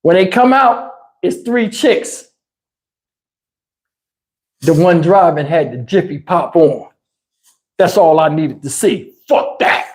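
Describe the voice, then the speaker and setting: A man telling a profane road story on his channel, animated and cussing, acting out everyone involved. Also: on the high side, takes it slowly, pauses often. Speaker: channel host.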